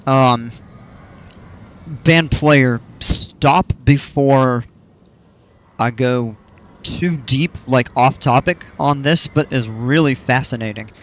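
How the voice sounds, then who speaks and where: A man's voice: mid-range voice, slow, long pauses, a bit bright. A man streaming a park-building game, chatting casually with viewers and rambling off on tangents. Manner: rambling, chatty, explains at length. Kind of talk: casual livestream chat while playing.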